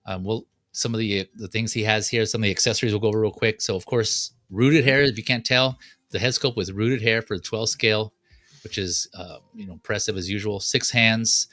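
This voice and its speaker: A man's voice: fairly low pitch, steady tone, fairly quick, bright, forceful tone, no echo. A man hosting a casual chat about collectible figures, walking through the details with plenty of fillers. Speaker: podcast host.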